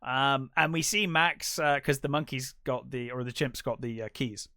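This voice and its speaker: Bright-voiced chatty man, dry close sound. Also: mid-range voice, moderate pace, dry recording. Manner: chatty retelling of movie scenes, lots of ums. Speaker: podcast co-host. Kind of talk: casual film discussion.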